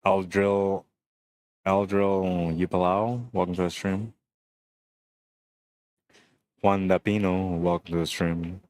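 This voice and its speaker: A young adult man giving relaxed, chatty live commentary on a pool match and greeting stream viewers. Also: deep voice, takes it slowly, long pauses.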